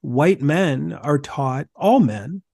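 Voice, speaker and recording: A man speaking as a podcast guest, telling stories in an emphatic, animated way. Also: a little high, drawn-out words, vocal fry, no echo, studio quality. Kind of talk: conversational discussion.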